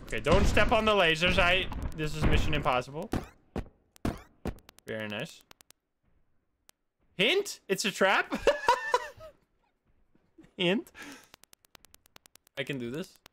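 A young man live-streaming a game, excitable, yelping and shouting whenever things go wrong. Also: fairly high pitch, a little slow, pauses often. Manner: excitable, yelps and shouts at setbacks. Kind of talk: live gameplay commentary.

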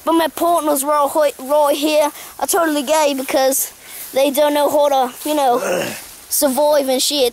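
High-voiced joking woman vlogging outdoors. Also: level tone, a little slow, darkish tone, slight background noise. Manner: playful, teasing, swears casually. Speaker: vlog host. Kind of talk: joking outdoor comedy vlog. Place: outdoors in woods.

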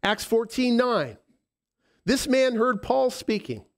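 Preaching as a pastor, a man with a lisp and a very high, sing-song voice speaks emotionally and haltingly, often restarting. He shifts between soft, tender moments and emphatic declarations.

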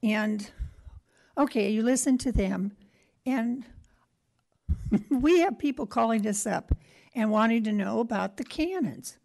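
A woman's voice: fairly high pitch, measured pace, gravelly, long pauses. Chatty woman commenting at a city meeting. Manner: chatty, rambling, animated. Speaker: historical association member. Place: council chamber.

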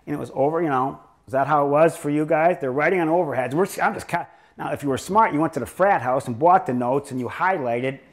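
A man's voice: fairly high pitch, fast talker, few pauses. Sarcastic older man telling stories. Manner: sarcastic, joking, rambling. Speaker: chiropractor lecturer. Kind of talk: humorous lecture storytelling.

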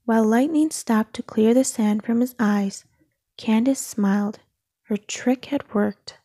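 Woman storybook reader, soft half-whispered narration, husky and mellow. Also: on the high side, measured pace, no room sound, clean studio sound. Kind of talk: children's story read-aloud.

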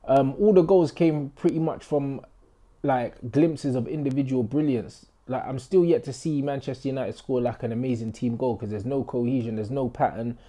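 A young man giving an excitable, slang-heavy football match reaction vlog, recorded indoors in a flat he is moving out of. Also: medium pitch, moderate pace. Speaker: football fan vlogger. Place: indoor room in a flat being moved out of.

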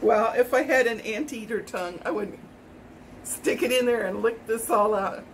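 A woman's voice: on the high side, moderate pace, slight background noise, rough recording. A middle-aged woman from Hawaii cooking in her home kitchen, chatting in a rambling way as she tastes and snacks. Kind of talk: casual cooking chat.

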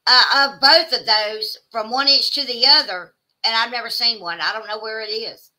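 A woman with a Southern American accent chats casually with her livestream viewers, reading their comments aloud with exclamations and drawling asides. Her voice is a little high, bright and forceful, at normal speed with hardly any pauses.

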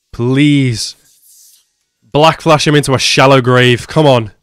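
A man reacting to an anime episode, swinging between hushed muttering and loud, swearing outbursts. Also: medium pitch, clean tone, no echo, studio quality. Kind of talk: live reaction commentary.

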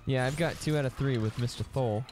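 A man's voice: medium pitch, brisk, a little mellow, soft background music. A man hosting a let's play, joking around and laughing a lot in casual gameplay commentary. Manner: goofy, laughs often, jokey.

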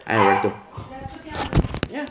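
A man reading an English gamebook on a live stream, in a halting way with chatty asides and self-corrections. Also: heavy background noise. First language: Italian.

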